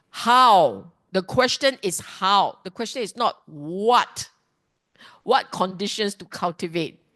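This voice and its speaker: A woman teaching a dharma class, lively and emphatic, often putting questions to the class. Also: mid-range voice. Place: class hall.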